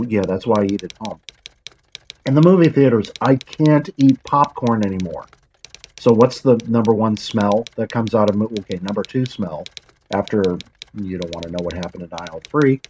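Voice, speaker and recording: A woman's voice: very deep voice, a little mellow, a little hiss or hum, rough recording. A woman hosting her channel, rambling through a casual monologue with blunt, self-deprecating asides and the odd swear. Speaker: channel host.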